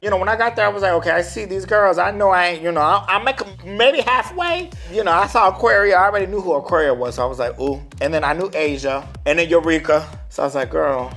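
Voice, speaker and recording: A sassy drag performer talking through his story with an animated, slangy bounce. His speaking voice sits a little high for a man. Soft music plays quietly underneath. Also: fast, few pauses. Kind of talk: casual interview chat.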